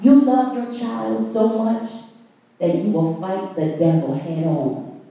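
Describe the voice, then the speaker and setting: A woman's voice: medium pitch, fairly even intonation, takes it slowly, gravelly, warm tone. A woman elder preaching a Sunday worship sermon, emphatic and repetitive, asking rhetorical questions and sometimes intoning her lines. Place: church sanctuary. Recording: very echoey church, voice far from mic.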